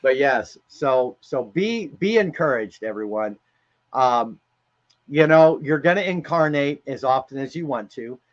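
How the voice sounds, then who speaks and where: A man's voice: mid-range voice, expressive, measured pace, dull audio. A man speaking in a casual, emphatic way on a spiritual live stream, rambling and often repeating words as he talks.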